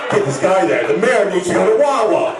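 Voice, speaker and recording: A man doing a stand-up set in a bar, high-pitched and lively, stammering and rambling before he breaks into shouting. He is recorded from far back in a very echoey room, with a crowd laughing around him. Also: brisk, over music. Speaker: stand-up comedian. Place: bar stage with live audience.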